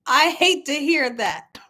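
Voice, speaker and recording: High-pitched, animated and slow, her voice sounds pushed and bright as she hosts a casual cooking livestream. The middle-aged woman chats with viewers, voices their comments, tells stories and laughs a lot, calling them y'all.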